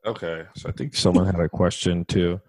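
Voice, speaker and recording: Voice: low-pitched, fairly quick, loud music behind the voice. A podcast host reading listener questions in a hesitant way, with many fillers, in a casual interview.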